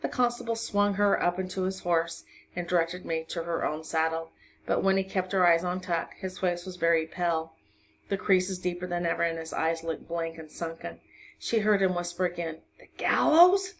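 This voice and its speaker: A woman reading a children's novel aloud to a class, narrating expressively and pausing to check the listeners understand. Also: lowish voice. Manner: expressive reading, voices for each character. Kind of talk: storybook read-aloud to a class.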